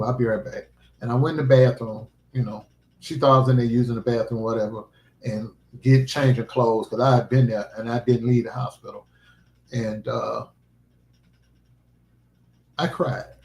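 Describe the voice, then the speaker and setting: A middle-aged man hosting a livestream, telling a personal story in a halting, emotional way. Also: mid-range voice. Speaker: livestream host. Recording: roomy echo.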